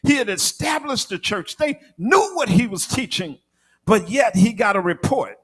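A man preaching a sermon in a church, with a rhythmic delivery that rises into shouted, half-sung cadences. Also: high voice, big pitch swings, normal speed, husky.

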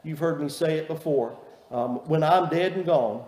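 Folksy preacher, a bit higher voice, long hall reverb, storytelling sermon. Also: male voice, moderate pace. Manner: folksy storytelling, warm and earnest. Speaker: pastor. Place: church sanctuary. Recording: echoey church hall reverb.

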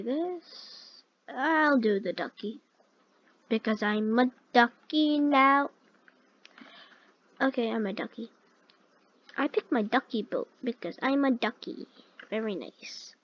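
A woman hosting a gaming video, talking through each move aloud and easily alarmed, often repeating "no, no, no" in quick streams. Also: fairly high pitch, highs cut off. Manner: chatty, talks through every move aloud. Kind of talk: let's-play game commentary.

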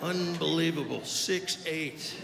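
A man's voice: fairly high pitch, slow pace, vocal fry. An older male stand-up comedian doing crude, brash crowd work on stage, bantering with the audience. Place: live comedy club stage. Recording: live club recording, roomy with loud crowd noise.

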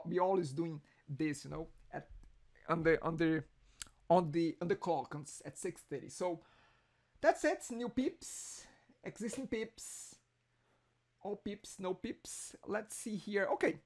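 A man's voice: high-pitched, measured pace. A man with a non-native English accent hosting a user group meeting, talking casually with jokes and many restarts, heard over a video call. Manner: chatty, joking, with many restarts.

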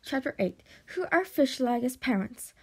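A woman reading a children's novel aloud in an animated storytelling manner, with slips and restarts. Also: sits high, a little slow, husky. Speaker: audiobook reader.

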